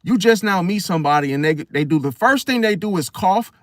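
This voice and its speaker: Slangy, animated man, dry close sound. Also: brisk, dry recording. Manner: animated, acts out quoted people in high voices; slangy, addresses listener as bro. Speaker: astrology video host. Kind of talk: casual spoken monologue.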